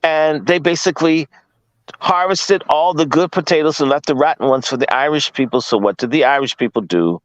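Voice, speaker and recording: A guest speaker from Washington, D.C. gives a casual lecture, blunt and profane, firing rhetorical questions at his listeners. His voice is fairly high and fairly quick, and the recording is rough with no echo.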